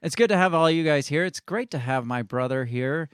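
A man's voice: fairly high pitch, expressive, fairly quick, smooth, dry recording, clean studio sound. A man co-hosting a casual talk stream, reading news aloud and adding his own blunt comments, often laughing and swearing. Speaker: co-host of a live-streamed talk show.

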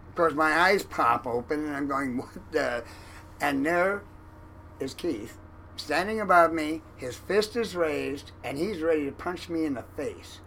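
A man tells his old sea stories in a bright, forceful voice, pitched a little high for a man. He gets animated, acting out the lines of others. A faint hiss of noise sits under the recording. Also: a little slow, low-quality recording. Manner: animated, acts out quoted lines loudly. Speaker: guest, former fishing boat cook. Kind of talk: storytelling in a conversational interview.

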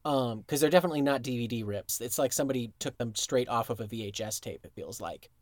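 A man's voice: mid-range voice, fast talker, a little mellow, no room sound. A man co-hosting a podcast in casual chat, laid-back and chatty, laughing easily. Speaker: podcast co-host.

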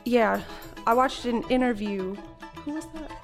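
A woman on a podcast panel, talking in a relaxed, easygoing way with lots of fillers. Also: on the high side, a little slow, creaky, music in the background. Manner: relaxed, laughs easily, many fillers. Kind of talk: casual chat.

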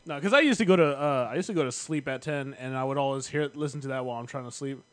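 A man in casual, crude banter among friends, animated and swearing, often laughing. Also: mid-range voice, rapid-fire, no echo. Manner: animated, swearing, laughing, bursts into mock voices.

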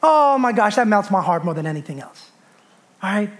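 A man's voice: sits high, brisk. A man in his thirties preaching a sermon, a pastor who tells family stories and acts out the voices in them. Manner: animated storytelling preacher, acts out his kids and God in hushed voices.

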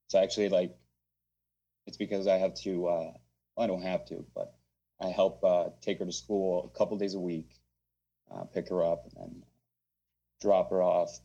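Husky low-voiced man on dull remote audio. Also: warm tone. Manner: low-key, dry, trailing off. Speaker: podcast co-host. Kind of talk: casual chat. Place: home basement.

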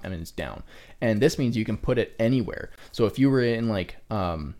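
Casual lower-voiced male podcast host. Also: normal speed, darkish tone. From Canada. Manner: rambling, filler-heavy, swears casually. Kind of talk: casual chat.

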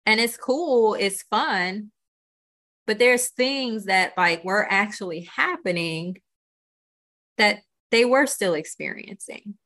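Earnest, bright-toned woman guest. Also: medium pitch, slow pace. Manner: earnest and reflective, many "you know" and "right?". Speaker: podcast guest. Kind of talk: candid interview conversation.

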